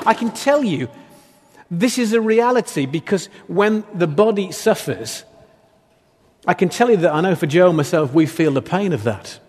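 A man preaching a sermon in a conversational, playful way, with asides and jokes to the congregation. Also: fairly high pitch. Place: church hall. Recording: long reverb of a church hall.

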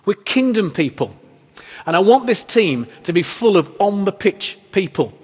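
A man's voice: high voice, big pitch swings, normal speed, husky. A man preaching a sermon as pastor, earnest and emphatic, with rhetorical questions. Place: church hall. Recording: long hall reverb.

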